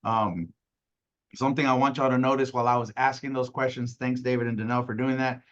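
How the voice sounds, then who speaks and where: A man's voice: mid-range voice, steady tone, fast, lo-fi sound. A man leading a casual sales training call, talking conversationally and acting out clients, with many "right?" tags.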